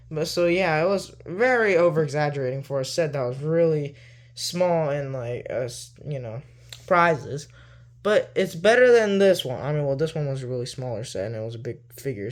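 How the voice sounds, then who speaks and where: Rambling casual male collector vlogger. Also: fairly high pitch. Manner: rambling, full of "like" and "you know"; loose and easygoing. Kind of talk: casual show-and-tell.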